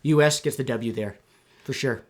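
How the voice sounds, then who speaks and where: A man's voice: mid-range voice, normal speed, darkish tone. Upbeat man chiming in. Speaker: podcast guest. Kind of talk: casual podcast chat.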